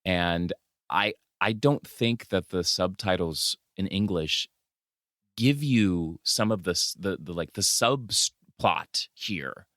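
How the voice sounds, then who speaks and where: A man who also speaks Spanish, co-hosting a podcast, chatting about a film in a laid-back way with drawn-out phrasing. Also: low-pitched, fairly bright tone, dry recording, studio quality. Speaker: podcast co-host. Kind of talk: casual film chat.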